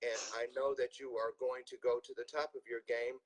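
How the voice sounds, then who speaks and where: A man's voice: mid-range voice, flat delivery, a little fast, poor audio. A man hosting a live video show, thanking his guest with effusive praise. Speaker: host.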